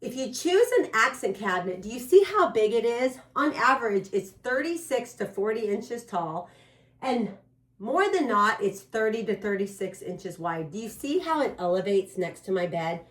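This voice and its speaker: A woman's voice: fairly high pitch, moderate pace. A middle-aged woman giving a casual home design tutorial in her bedroom, offering emphatic advice straight to her viewers. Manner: emphatic, animated advice with direct address to viewers.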